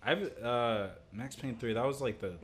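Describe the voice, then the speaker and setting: A man co-hosting a casual gameplay commentary, animated and swearing, with shouted bursts. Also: medium pitch, normal speed, a little hiss or hum. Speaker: co-host of a gaming let's play.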